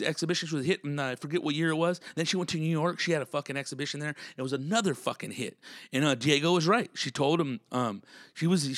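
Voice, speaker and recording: A man's voice: a little high, a bit bright, no echo, clean studio sound. A man hosting his own podcast, a comedian telling a travel story in a casual, rambling way with lots of swearing and fillers. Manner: laid-back, swears often, many fillers.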